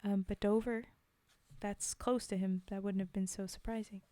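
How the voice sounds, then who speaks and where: A woman's voice: mid-range voice, steady tone, normal speed, warm tone, no echo. A woman streamer chatting casually between poem readings, giggling and filling gaps with ums. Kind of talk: casual chat between poems.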